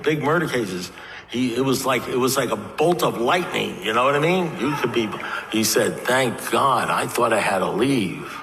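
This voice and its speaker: Deep-voiced man in an echoey hall. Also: fairly bright tone, distant mic. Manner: earnest storytelling, acts out dialogue. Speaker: recovery meeting speaker. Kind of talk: personal recovery talk. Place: meeting hall. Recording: echoey hall, faint noise.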